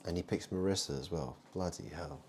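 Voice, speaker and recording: A man vlogging in a rambling monologue, muttering asides and swinging between loud remarks and hushed ones. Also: low-pitched, a little fast, a little hiss or hum.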